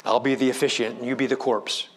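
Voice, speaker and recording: A man's voice: medium pitch, level tone, fast, slight background noise. A man preaching a sermon as a pastor, with emphatic delivery that rises and drops in volume.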